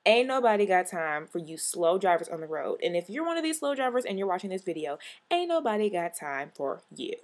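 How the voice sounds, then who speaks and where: A woman's voice: mid-range voice, sing-song, a little fast, hardly any pauses. A young woman vlogger in a sassy, exasperated comic rant to camera, punching out her catchphrase.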